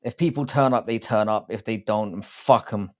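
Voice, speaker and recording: A man's voice: on the low side, normal speed. Foul-mouthed British man chatting on stream. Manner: crude, swears often, greets chat by name. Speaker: live-stream host. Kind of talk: casual live-stream chat.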